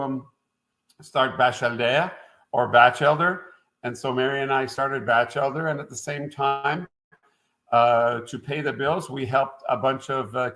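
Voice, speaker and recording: A middle-aged man from Quebec, a winemaker guest in a relaxed interview. He rambles from one anecdote to the next at an ordinary pitch and keeps the tone loose and conversational. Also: rough recording. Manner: rambling and anecdotal, frequent "uh" fillers. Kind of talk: casual interview storytelling.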